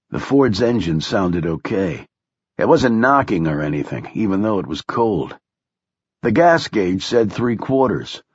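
A man narrating an audiobook in measured, even storytelling, close to the mic. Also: on the low side, slightly rough, no echo, lo-fi sound. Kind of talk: scripted narration.

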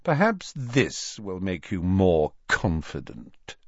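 A man's voice: mid-range voice, huge pitch swings, slow, a bit bright, no room sound, muffled recording, pitched above the performer's own voice, exaggerated voice. A man voicing a sneering, arrogant teenage boy wizard who talks coldly and threateningly. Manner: cold, threatening, contemptuous.

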